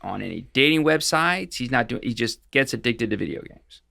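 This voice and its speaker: Gravelly man telling a story. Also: mid-range voice, animated, fairly quick, pushed and bright, no room sound, studio quality. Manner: rambling, with frequent restarts and fillers. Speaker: guest expert on financial fraud. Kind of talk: casual interview storytelling.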